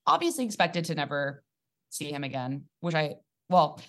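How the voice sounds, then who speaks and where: A young woman comedian chatting casually on a podcast, her voice on the lower side. She tells stories in an animated, joking way, with quick asides and punchlines. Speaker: comedian guest. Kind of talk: casual storytelling chat.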